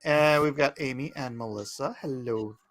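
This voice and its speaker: A man's voice: mid-range voice, moderate pace, fairly bright tone. A man hosting a live drawing stream, chatting casually and joking around with his guests on a video call. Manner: jokey, playful banter. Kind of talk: casual livestream chat.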